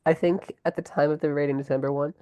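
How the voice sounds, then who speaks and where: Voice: medium pitch, steady tone, fast talker, dark tone. A musician guest in a casual podcast chat, swearing, laughing and restarting sentences.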